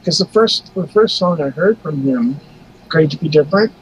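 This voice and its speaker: A man's voice: fairly high pitch, expressive, moderate pace, low-quality recording. Hesitant man in casual chat. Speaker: co-host.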